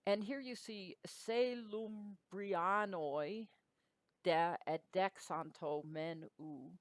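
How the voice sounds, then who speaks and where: A middle-aged woman gives a classroom lecture in a relaxed, explanatory way, pausing on fillers and checking in with her listeners. Her voice sits on the low side. The recording is dry and close. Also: dry recording. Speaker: teacher.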